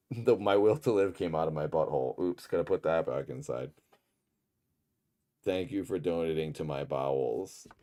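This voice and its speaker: An extremely low-pitched man with a darkish tone runs a livestream reacting to a show, chatting loosely, joking, and reading viewers' messages aloud.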